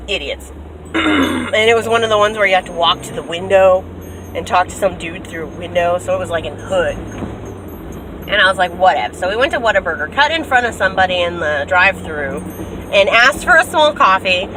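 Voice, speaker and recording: Animated young woman, noisy car. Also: fairly quick. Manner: animated storyteller, acts out quotes with big pitch jumps. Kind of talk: casual storytime vlog.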